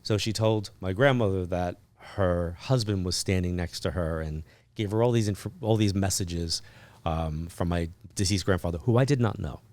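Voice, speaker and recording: Chatty man telling a story, low-voiced. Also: normal speed. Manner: chatty, lots of "like" and "um" fillers; animated, acts out remembered dialogue. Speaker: podcast guest, psychic medium. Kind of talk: casual storytelling interview.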